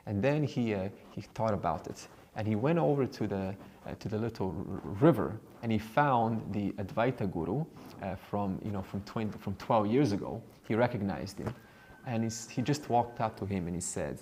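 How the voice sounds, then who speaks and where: Male spiritual teacher, lowish voice, rambling storytelling, faint room noise. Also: fairly quick, a little mellow. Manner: rambling, with many fillers and chuckles. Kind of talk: storytelling in a seminar talk. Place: seminar room.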